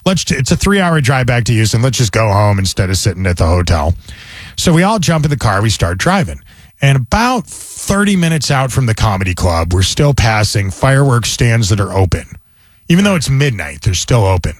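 Radio host guy, lively up and down voice, dry studio sound, casual storytelling. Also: medium pitch, fairly quick, no echo. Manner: animated storyteller with mock news reading. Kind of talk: casual talk radio banter.

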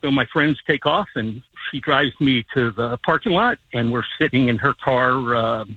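A man's voice: medium pitch, moderate pace, slightly rough, no echo. A man calling in to a radio show, telling a story in an easygoing way with plenty of fillers. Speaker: caller. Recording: tinny phone line.

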